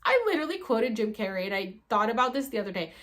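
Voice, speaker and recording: A young woman vlogger telling a story to the camera in a casual, animated way, acting out quotes and swearing freely. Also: on the high side, quick pace. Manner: animated, acts out quotes with sudden loud bursts.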